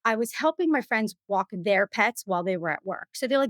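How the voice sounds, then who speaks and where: A woman guest telling stories in a casual interview, chatty and animated, full of "you know" and "like.". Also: mid-range voice, a little fast, no echo. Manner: animated, acts out other people's lines. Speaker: podcast guest.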